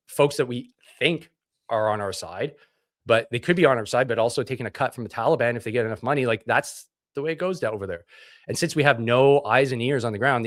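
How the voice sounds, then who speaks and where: A man's voice: medium pitch, fairly bright tone, no room sound. Blunt, profane man in dry sound. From Canada. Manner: blunt and profane, acts out dialogue. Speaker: interview guest, military veteran. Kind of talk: casual interview storytelling.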